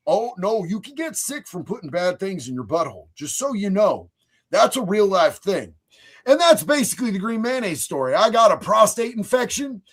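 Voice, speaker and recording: A man hosting a livestream, telling crude stories in a profane, boisterous way, swinging between loud bursts and mutters. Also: high voice, lively intonation, brisk. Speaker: streamer host. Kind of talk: crude comedic storytelling on a livestream.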